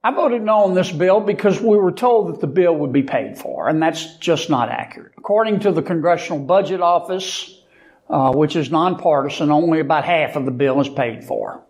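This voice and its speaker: A man with a Southern Louisiana accent, speaking as a senator in a deliberate political statement with dry, folksy punchlines. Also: on the high side, animated, a little mellow.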